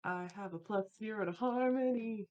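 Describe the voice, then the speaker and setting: A woman's voice: medium pitch, normal speed, darkish tone, highs cut off. A woman playing in a tabletop role-playing game, chatting casually with many fillers. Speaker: player.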